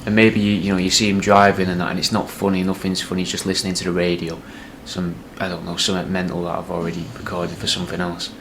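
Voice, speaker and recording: Rambling man, low voice. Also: little pitch movement, quick pace, hardly any pauses, noisy background. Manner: rambling, hesitant, says "and that". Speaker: comedy podcast host. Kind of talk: casual sketch pitch.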